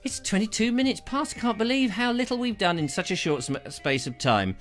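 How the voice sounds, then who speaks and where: A man's voice: high-pitched, animated, brisk, soft background music. A man hosting his live show, talking casually and playfully, rambling from one joke to the next. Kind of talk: casual live-stream chat.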